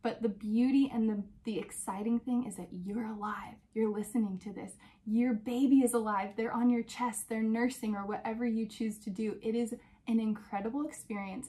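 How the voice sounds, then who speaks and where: A young woman hosting a podcast, telling a personal story in a chatty, animated way with many fillers. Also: a little high. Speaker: podcast host.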